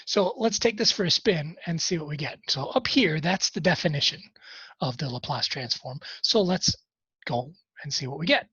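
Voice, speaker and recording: This recorded class lecture features a man teaching college math in a voice on the high side, sharp and slightly rough, with lively intonation and a moderate pace. He works problems conversationally, adding self-deprecating asides. The sound is lo-fi, with no room sound.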